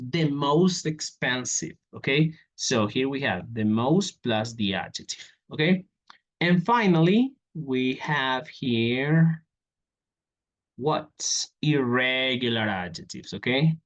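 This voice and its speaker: A man's voice: medium pitch, sing-song, a little slow. A man teaching an English grammar lesson, reading out examples and checking in with "okay?" after each step. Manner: repeats "okay?" often, walks through examples on a board.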